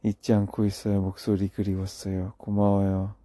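A man's voice: completely flat delivery, rapid-fire, warm tone, no room sound, clean studio sound. A sleepy young man, a singer, chatting casually on a late-night phone livestream while he reads out comments. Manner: low-key, murmured, answers comments in English and Korean.

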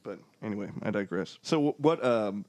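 A man's voice: lowish voice, normal speed. A man from Ohio co-hosting a podcast, telling stories casually with lots of swearing and acted-out quotes. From Ohio, USA. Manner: animated, acts out quoted voices. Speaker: podcast co-host. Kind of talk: casual profane storytelling.

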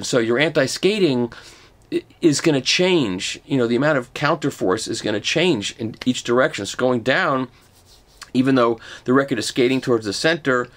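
A man's voice: mid-range voice, fairly bright tone. Chatty older man unboxing records. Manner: chatty, enthusiastic, rambling with restarts. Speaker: record reviewer. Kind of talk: casual unboxing talk.

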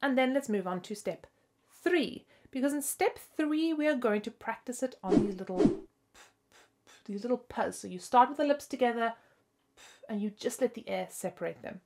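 Bright-voiced woman teaching flute with hiccups. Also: a little high, expressive, moderate pace, slight background noise. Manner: bubbly, laughs at herself. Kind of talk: upbeat video flute lesson. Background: flute playing between phrases.

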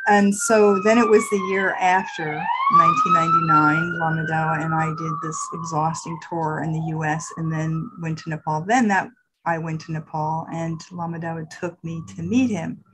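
A middle-aged woman telling personal stories in a casual interview, soft-spoken and trailing off at times, with lively jumps when she acts out what people said. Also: normal speed, background noise. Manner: animated, acts out quotes with big pitch jumps. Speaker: guest sharing her spiritual path.

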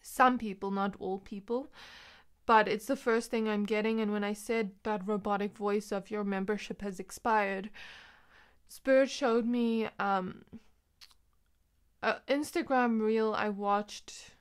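A woman's voice: medium pitch, steady tone, unhurried, smooth. A young woman giving a pick-a-card tarot reading, talking in a loose, rambling way with many fillers. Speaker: tarot reader.

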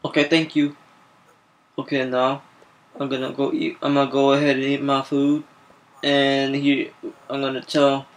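A man's voice: mid-range voice, monotone, normal speed, long pauses, lightly acted, low-quality recording. A man voicing a hot-tempered, whiny police officer in a game video, stammering, making demands and panicking easily. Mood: casual. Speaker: machinima voice actor. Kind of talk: improvised game machinima.

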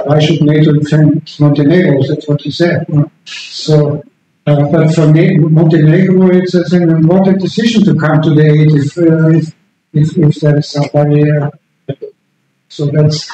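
A middle-aged man, a political science lecturer, giving an unscripted conference talk, halting and repeating words as he searches for phrasing. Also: a little high, warm tone. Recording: very echoey room with faint background noise.

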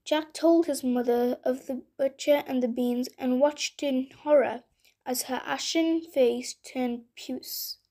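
Slow, gentle woman reading a bedtime story. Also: high-pitched, fairly even intonation.

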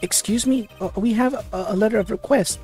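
Reader voicing a young defense attorney, earnest and halting, soft game music. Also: medium pitch, lightly acted. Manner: earnest, stammering.

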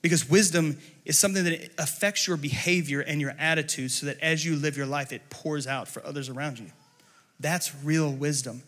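Man, pastor, church sermon, high voice, passionate, builds to shouting. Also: moderate pace, big-room sound. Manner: passionate, often rising to shouting. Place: church service.

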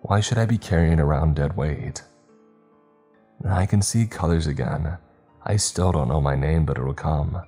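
A man narrating a horror story in a steady, somber, scripted way. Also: rumbling low, normal speed, husky, faint music behind.

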